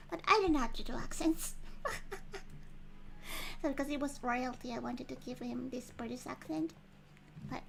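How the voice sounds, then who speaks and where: High-pitched woman streamer, giggly and chatty. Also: gravelly, a little hiss or hum, poor audio. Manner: chatty and giggly, thinking aloud with many restarts. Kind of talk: casual livestream commentary.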